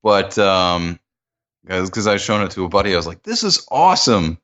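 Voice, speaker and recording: A man co-hosting a podcast, telling a relaxed story in casual chat. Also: deep voice, a little fast, clean tone, lo-fi sound. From Minnesota. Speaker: podcast co-host.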